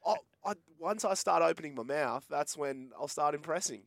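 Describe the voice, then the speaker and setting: An Australian man on a radio show, easygoing and relaxed about his plans. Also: a little high, normal speed, creaky, no echo, studio quality. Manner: laid-back, easygoing. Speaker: radio co-host. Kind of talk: casual radio banter. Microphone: studio microphone.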